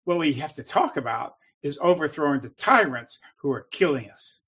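Co-host, male, emphatic and heated, slightly high voice, dull lo-fi audio. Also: animated, normal speed, pushed and bright. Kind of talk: call-in show talk.

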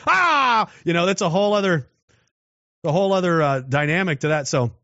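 A man's voice: high voice, lively intonation, moderate pace, pauses often, fairly bright tone, no room sound. A man giving a casual monologue, rambling with restarts and rhetorical questions. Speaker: political commentator. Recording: dull lo-fi dry recording.

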